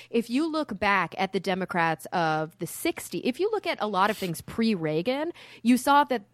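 A woman from Texas, a science guest on a podcast, talking in an outspoken, animated, rambling way. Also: mid-range voice, dry recording. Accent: none, no Southern accent. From Texas, USA. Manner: outspoken, animated, talks in long rambling stretches. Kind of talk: casual podcast interview.

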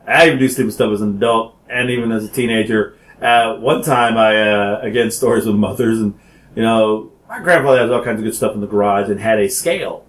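A man telling childhood stories in casual chat, animated and laughing often as he acts out quotes. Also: lowish voice, fairly quick. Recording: roomy echo.

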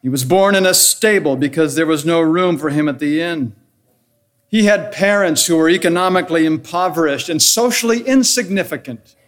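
A man delivering an earnest, measured sermon as pastor, counting off his points and posing rhetorical questions. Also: a little high.

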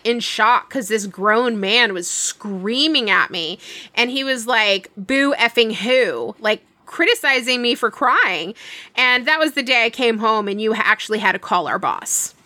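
A woman's voice: fairly high pitch, no echo. A young woman casually telling a long work story, acting out the dialogue as she goes. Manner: animated retelling with quoted dialogue.

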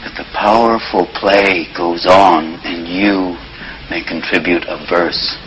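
An actor playing an earnest teacher who recites poetry in a declamatory way. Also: male voice, low voice, steady tone, takes it slowly, a bit bright, a little hiss or hum, rough recording.

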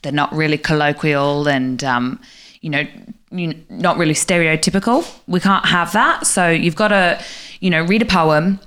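Crude, deadpan tiger widow for a comedy podcast, voiced low, played by a woman. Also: moderate pace, clean tone. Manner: deadpan, crude trash talk. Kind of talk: improvised comedy podcast character.

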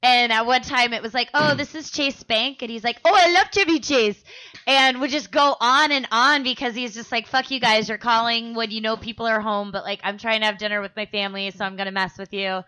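A woman's voice: fairly high pitch, flat delivery, a little fast, few pauses, pushed and bright, smooth. A woman co-hosting a comedy podcast, telling a crude, chatty family story in casual conversation. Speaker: podcast co-host.

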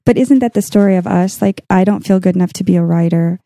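A woman in casual faith talk, warm and dark in tone with a gravelly edge. She chats earnestly and works through her study notes. The sound is close and dry. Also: on the low side, quick pace, no room sound. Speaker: podcast co-host.

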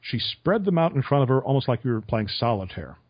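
A man's voice: mid-range voice, very animated, brisk, husky, no room sound. Chuckling radio man, dry dull sound. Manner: storytelling with chuckles. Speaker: radio interviewer. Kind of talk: conversational podcast interview.

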